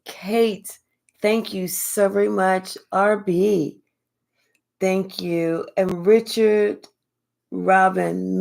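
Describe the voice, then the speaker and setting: An older woman hosts a casual live spiritual reading. She speaks slowly and warmly to her viewers and thanks them one by one. Her pace is leisurely and her pitch is mid-range. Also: creaky. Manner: slow, relaxed, affectionate, thanks viewers by name. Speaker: spiritual reader hosting a live stream. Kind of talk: casual live-stream chat.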